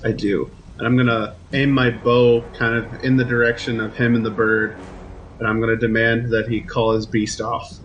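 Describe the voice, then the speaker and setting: A man's voice: mid-range voice, little pitch movement, muffled recording, a little hiss or hum. Mid-voiced man planning his move. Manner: deliberate, plans aloud. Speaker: player. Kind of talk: casual game banter.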